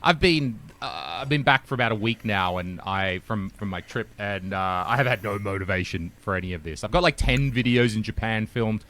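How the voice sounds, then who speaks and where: A man's voice: on the low side, moderate pace, hardly any pauses, fairly bright tone. A man from Europe hosting a casual podcast, teasing his guest with dry humor. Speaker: podcast host.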